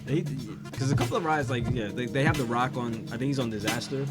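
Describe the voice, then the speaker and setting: A man's voice: mid-range voice, fast, loud music behind the voice. A man co-hosting a podcast, giving critical, opinionated takes in casual chat. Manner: opinionated, critical of theme park rides. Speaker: podcast co-host.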